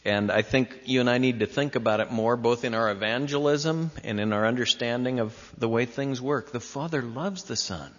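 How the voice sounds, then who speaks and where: A man preaching an expository sermon, with emphatic, drawn-out phrasing and sudden rises in pitch. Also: a bit bright. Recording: dull lo-fi recording in a reverberant hall.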